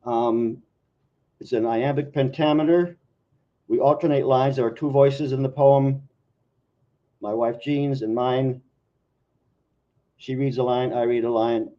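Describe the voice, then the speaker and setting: A man reading his poems aloud at an open mic in a wry, measured way. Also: medium pitch, mellow. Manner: wry, measured, slow delivery. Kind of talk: poetry reading. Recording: dull lo-fi live recording.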